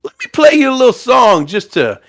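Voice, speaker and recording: A man's voice: very high voice, sing-song, fairly quick, vocal fry, fairly bright tone, pitched above the performer's own voice, heavily acted. A man voicing an undead male bard with folksy, drawling salesman patter. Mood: wheedling.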